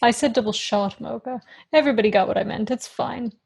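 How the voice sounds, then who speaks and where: A woman's voice: a little high, fairly quick, creaky, a little mellow, slightly rough. A young woman co-hosting a podcast, easygoing with dry humour and steering the casual chat. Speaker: podcast co-host.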